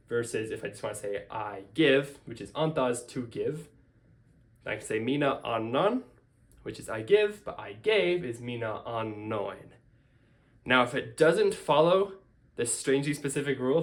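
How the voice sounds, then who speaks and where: A man teaching a casual whiteboard grammar lesson, explaining step by step and repeating key forms. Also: mid-range voice. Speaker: language teacher.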